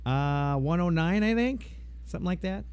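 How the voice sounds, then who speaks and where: A man's voice: sits high, expressive, normal speed, a little mellow, clear, resonant tone, no room sound. A man hosting a sports podcast in a laid-back, slightly scattered casual chat. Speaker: podcast host.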